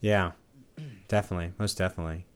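A man with a lowish voice hosts a podcast interview. He asks long questions and answers his guest with quick, encouraging reactions. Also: steady tone, clean tone. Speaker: podcast host. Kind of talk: interview hosting.

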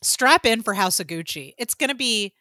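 Bright, chatty woman podcast host. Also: on the high side, moderate pace, dry recording, studio quality. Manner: animated, chatty, swears freely. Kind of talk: casual film-review chat.

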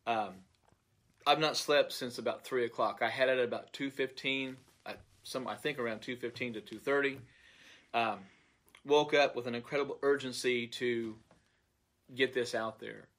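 Earnest man recounting a dream, halting. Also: mid-range voice, fairly even intonation, a bit bright. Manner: earnest, halting, repeats words while searching for them. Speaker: pastor. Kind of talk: recounting a dream, unscripted monologue.

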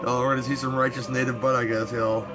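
A man's voice: mid-range voice, level tone, fast talker, loud music behind the voice. A man hosting a casual movie commentary podcast, rambling easily with fillers and restarts. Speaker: podcast host.

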